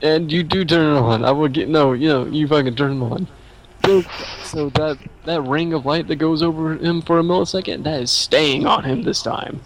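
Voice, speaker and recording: A man's voice: fairly high pitch, moderate pace, poor audio. A young man narrating as game master of a tabletop horror game in casual, swearing voice chat. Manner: casual, swearing, laughing often.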